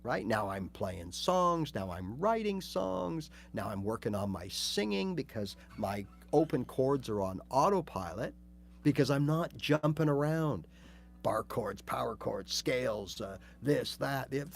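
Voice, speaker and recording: A man hosting a casual livestream guitar lesson, chatty and animated, acting out little scenes as he talks. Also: medium pitch, creaky, slight background noise. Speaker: guitar teacher.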